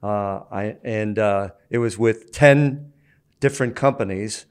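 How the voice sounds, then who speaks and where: A man being interviewed as an association chairman, answering in a measured, businesslike way. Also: on the low side, clear, resonant tone.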